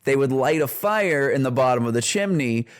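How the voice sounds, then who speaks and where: A man's voice: medium pitch, expressive, normal speed, clean tone. A man co-hosting a comedy podcast, telling a story in a rambling, profane way, with many fillers and restarts and frequent laughs. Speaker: podcast co-host. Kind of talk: casual comedic podcast chat.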